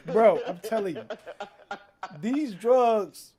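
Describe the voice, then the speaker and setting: A young man with a high, light voice chats casually while streaming. He tells stories in a lively way, acts out what other people said and laughs often along the way. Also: slow, long pauses. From Philadelphia. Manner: animated storyteller, acts out quotes, laughs often. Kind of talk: casual chat.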